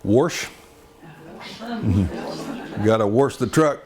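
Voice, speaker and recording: A man's voice: on the low side, a little slow, a crowd in the background. A man from Texas with a Texan accent, telling folksy anecdotes in a wry, good-humored way and chuckling often. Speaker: storyteller.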